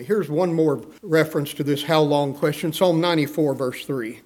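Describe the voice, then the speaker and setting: High-voiced man preaching a sermon. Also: a little slow, darkish tone. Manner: earnest, reads scripture aloud with emphasis, asks the listeners questions.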